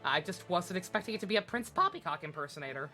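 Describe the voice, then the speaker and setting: A woman's voice: on the low side, lively intonation, fast, sharp tone, faint music behind. A woman hosting a game let's play, joking, swearing and laughing at what happens on screen. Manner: profane, joking, laughing asides. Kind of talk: gaming commentary.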